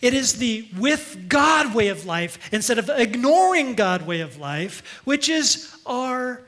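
A man preaches with earnest emphasis from the pulpit, his voice pitched very high and ringing bright. He invites the congregation to repeat lines back to him in a church setting. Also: sing-song, takes it slowly. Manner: earnest, emphatic, leads the congregation in call-and-response. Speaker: pastor. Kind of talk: sermon.

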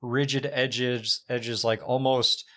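Co-host, male, unhurried delivery, rambly and searching, casual chat. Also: mid-range voice, little pitch movement, sharp tone. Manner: rambling, many fillers, slow and searching. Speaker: podcast co-host.

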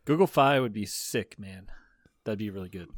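A man's voice: lowish voice, moderate pace, dry recording, clean studio sound. Stuffy-nosed young man, laid-back. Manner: laid-back, asks questions, laughs easily. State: clogged nose. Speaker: podcast co-host. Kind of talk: casual chat.

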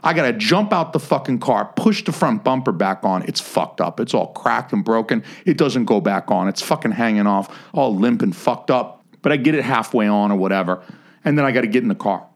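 A man co-hosting a podcast, telling a long story in casual chat, swearing constantly and getting animated. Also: lowish voice, fairly quick. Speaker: podcast co-host.

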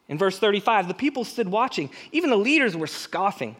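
A man with a fairly high voice preaches and prays to his congregation. He talks in a relaxed, conversational way and stays animated. He breaks off now and then for joking asides. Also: a little fast. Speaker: pastor. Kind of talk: sermon.

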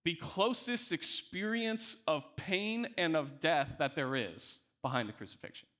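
A man's voice: sits high, sharp tone. A male pastor preaching a sermon, speaking emphatically and often repeating words as he restarts.

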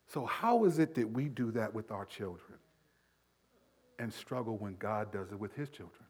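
A middle-aged male pastor preaching a sermon, animated, acting out everyday dialogue as he teaches. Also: lowish voice, moderate pace, slightly rough.

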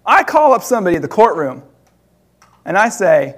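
A man preaching, telling a personal story in an animated way with laughter between loud and hushed moments. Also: high-pitched, moderate pace, pauses often.

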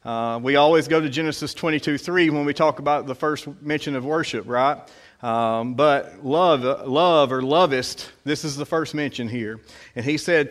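A man preaching a casual, conversational sermon, pausing often with fillers as he reads scripture and prays. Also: fairly high pitch. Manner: conversational, halting, many fillers.

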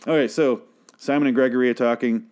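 A man's voice: medium pitch, steady tone, fast, a little mellow. A man casually recapping a TV show in a rambling, profane way, stopping himself mid-sentence and laughing often.

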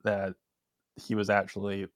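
A man's voice: fairly low pitch, monotone, unhurried, dry recording. A man co-hosting a casual political podcast, trading dry, cutting quips. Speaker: podcast co-host.

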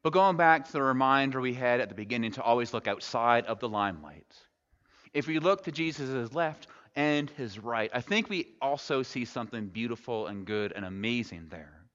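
A man's voice: mid-range voice, animated, moderate pace, a bit bright. A man preaching a sermon as a pastor, retelling a story conversationally with wry humorous asides. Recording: echoey hall, dull lo-fi sound.

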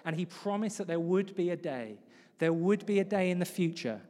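A man's voice: high-pitched, expressive, normal speed, warm tone. Man preaching in a reverberant church. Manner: conversational, acts out quoted voices. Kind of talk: sermon. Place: church hall.

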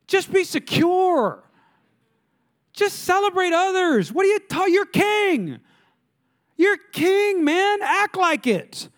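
A high, strained voice of an exasperated royal courtier, as a male preacher puts him on. He stretches his words slowly, pleading in disbelief. His tone is incredulous. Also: very animated, fairly bright tone, full character voice. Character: exasperated courtier scolding an insecure king.

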